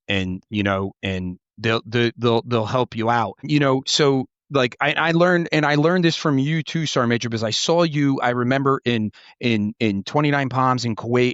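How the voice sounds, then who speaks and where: A man's voice: mid-range voice, a bit bright, dry recording. A middle-aged man hosting a podcast, telling a story in casual chat, rambling with many restarts and swearing. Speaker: podcast host and former Marine officer. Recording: dull, dry lo-fi sound.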